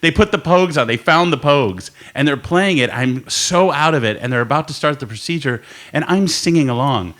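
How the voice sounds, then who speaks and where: A man's voice: fairly high pitch, lively intonation, fairly quick, hardly any pauses, fairly bright tone. A man co-hosting a podcast in a studio, telling a long story in casual chat, swearing and laughing as he goes. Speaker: podcast co-host. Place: recording studio.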